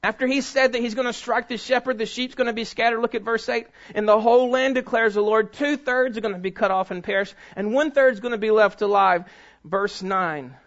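High-voiced preacher, emphatic and muffled. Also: male voice, a little fast. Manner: emphatic preaching that swells to loud peaks and drops to near hushes; reads scripture aloud and speaks directly to the congregation. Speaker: pastor. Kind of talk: sermon. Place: church sanctuary before a congregation. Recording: dull, muffled recording.

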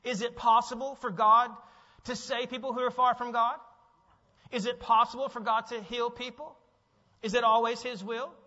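A man preaching a sermon as pastor, animated and asking his listeners questions. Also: extremely high pitch, moderate pace. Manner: animated, asks the audience questions. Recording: dull, with long hall reverb.

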